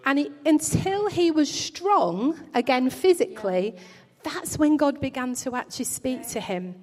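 A woman preaching a sermon in a church, speaking earnestly and gently in a pastoral way, often restarting her phrases. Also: sits high, lively intonation, measured pace. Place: church hall. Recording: long hall reverb.

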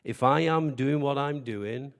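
A man's voice: medium pitch, unhurried. A man preaching a sermon in a conversational way, telling stories with humor and asking the congregation questions. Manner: humorous, self-deprecating storytelling. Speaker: pastor. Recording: long hall reverb.

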